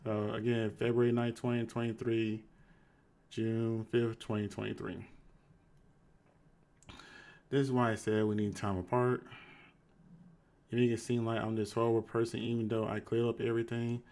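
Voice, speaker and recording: Male host, casual commentary, reads quotes in a flat low tone. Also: normal speed, long pauses. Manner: conversational, shifts to flat low reading voice for quoted texts. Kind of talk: live commentary reading text messages aloud.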